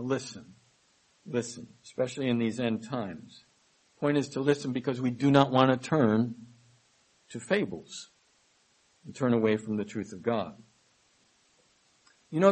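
Husky-voiced man preaching a sermon. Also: medium pitch, a little mellow, low-quality recording. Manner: reads scripture aloud with stress, then explains in a measured tone. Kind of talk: sermon, Bible study reading.

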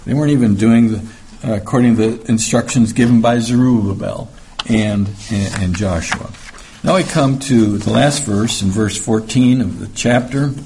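Over slight background noise, a man with a lowish, darkish voice teaches scripture verse by verse at normal speed. The Bible study sermon is conversational, loaded with fillers and restarts, and he voices the characters in the passages.

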